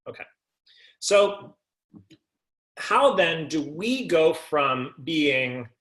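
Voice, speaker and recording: A man leading a sales coaching call, asking rhetorical questions and checking in with his listeners. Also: fairly high pitch. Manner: rhetorical, keeps asking "right?". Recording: echoey room.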